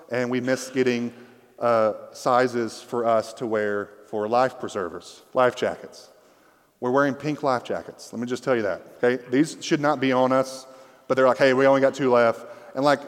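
A young man preaching a sermon through a microphone, telling a funny story with animated, rising excitement. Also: mid-range voice, big-room sound. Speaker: pastor.

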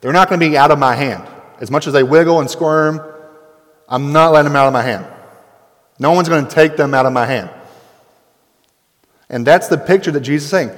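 A man in his thirties preaching a sermon as pastor, stretching key words out slowly and building to forceful, rising emphasis. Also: fairly high pitch. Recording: long hall reverb.

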